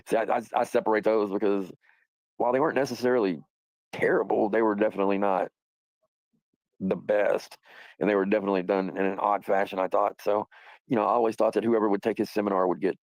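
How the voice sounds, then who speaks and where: A man's voice: lowish voice, fairly even intonation, brisk, pauses often, a little mellow, dry recording, poor audio. A man hosting a livestream, talking in a rambling, profane, casual way and laughing often. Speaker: livestream host.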